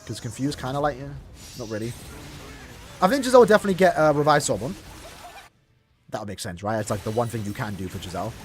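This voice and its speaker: A man's voice: medium pitch, expressive, quick pace, long pauses, soft background music. A young man casually chatting to his viewers while playing a mobile game, rambling and restarting his sentences. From Ireland. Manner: rambling, restarts often, talks to chat. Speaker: streamer. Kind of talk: casual gaming livestream chat.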